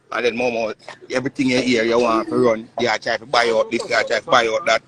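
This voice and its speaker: A man's voice: medium pitch, monotone, fast talker, fairly bright tone. A man in his thirties with a Jamaican Patois accent, ranting on a casual live stream in an emphatic, repetitive, boastful way. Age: 30s.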